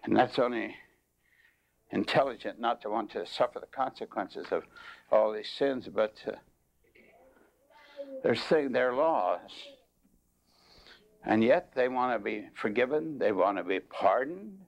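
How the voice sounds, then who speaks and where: Folksy older preacher with a gravelly voice. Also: male voice, animated, a little slow, pauses often. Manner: folksy, rises in pitch when telling stories. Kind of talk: sermon with storytelling. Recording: dull lo-fi tape.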